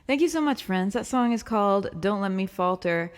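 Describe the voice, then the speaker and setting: A woman's voice: medium pitch, expressive, normal speed, in a large hall, faint music behind. A woman from Long Island with a light Long Island accent, a singer-songwriter hosting a livestream, chatting casually with viewers, upbeat and laughing often between ums. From Long Island, New York. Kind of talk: casual livestream chat reading comments.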